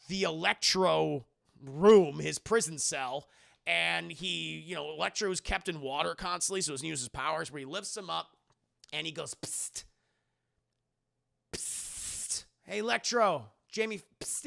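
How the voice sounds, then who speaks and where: A man's voice: fairly high pitch, gravelly, bright, forceful tone. A man giving a sarcastic, profane spoiler recap of a film to his stream chat, acting out the characters' lines as he goes. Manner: sarcastic, profane, acts out quotes; addresses chat directly. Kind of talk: casual spoiler review recap.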